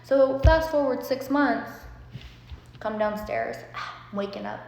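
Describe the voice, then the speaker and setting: A woman's voice: a little high, huge pitch swings, slow, a little mellow, a little hiss or hum. A young woman telling a story in a chatty, casual way, full of fillers and swearing. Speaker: vlogger. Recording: echoey room with long reverb.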